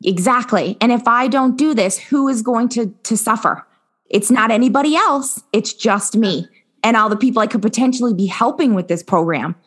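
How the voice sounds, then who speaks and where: A woman with a fairly high voice hosts a podcast conversation. She speaks earnestly and reflectively, walking through her own doubts and mistakes. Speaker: podcast host and women's coach. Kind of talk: conversational interview.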